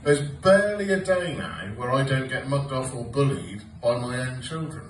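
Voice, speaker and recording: A man's voice: medium pitch, expressive, moderate pace, distant mic, slight background noise. A man, performing a sweary, sarcastic stand-up comedy set. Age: 40s. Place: comedy club stage with audience laughter. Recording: roomy live club recording from afar.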